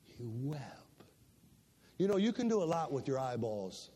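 A man preaching a sermon as pastor, emphatic, swinging between loud passages and soft ones and repeating words as he builds. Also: a little high, big pitch swings, fairly quick. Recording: long hall reverb.

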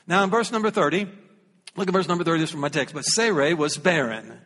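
A man's voice: a little high, fast, fairly bright tone, long reverb tail. A man with a Southern US accent preaching a sermon as pastor, folksy and humorous, reading scripture aloud.

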